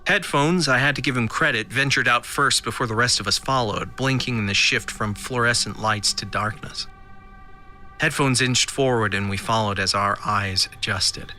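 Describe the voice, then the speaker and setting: A man's voice: mid-range voice, moderate pace, bright, forceful tone. A man narrating a scripted audio drama in a dry, first-person storytelling manner.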